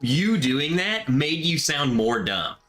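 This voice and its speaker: A man's voice: a little high, very animated, slow pace, a bit bright, soft background music. Joking man hosting a livestream. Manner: joking, talks over his co-host, reads chat aloud. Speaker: host. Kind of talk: casual livestream chat.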